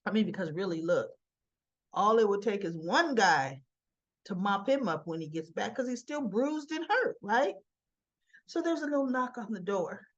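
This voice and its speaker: A chatty woman recaps a soap opera episode in a casual, rambling way, slipping into the characters' lines with fillers and asides. Her voice sits in a middle pitch for a woman, and the recording sounds a bit dull and lo-fi.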